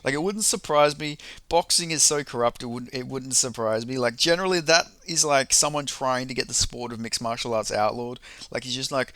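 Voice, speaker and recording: A young man venting in a casual fight-commentary vlog, rambling and cursing as he gets worked up. His voice is bright and crisp, heard close in a dry room with no echo. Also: mid-range voice, brisk, hardly any pauses. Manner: profane, rambling and heated. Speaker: MMA commentator.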